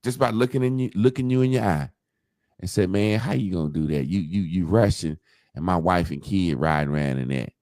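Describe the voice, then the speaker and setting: A podcast co-host with a low, brisk male voice tells a long story in casual chat, swearing freely and acting out what others said. His profane, animated delivery is recorded at studio quality with no echo.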